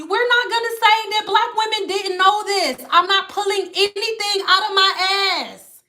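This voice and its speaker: A woman hosts a casual livestream as a hairstylist. Her voice sits high and sharp. She talks bluntly and emphatically, swearing as she answers her viewers' comments. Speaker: hairstylist and channel host.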